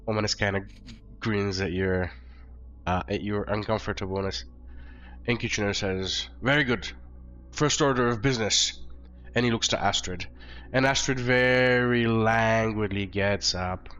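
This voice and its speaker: A hoarse man narrating a tabletop game as game master, loose and full of fillers. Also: lowish voice, fairly even intonation, normal speed, a bit bright. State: hoarse from flu. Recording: dull lo-fi recording, faint music.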